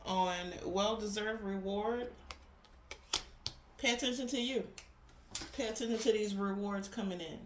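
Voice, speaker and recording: A woman's voice: medium pitch, a bit bright, slight background noise. Blunt, profane woman in an echoey room. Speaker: tarot reader. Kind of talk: casual spiritual pep talk. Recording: roomy echo with faint ambience.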